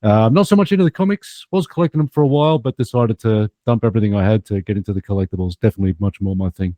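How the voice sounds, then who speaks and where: A man's voice: lowish voice, racing, warm tone, no echo. A man with an Australian accent chatting casually on a panel, upbeat and self-deprecating. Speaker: podcast panelist. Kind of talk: casual chat.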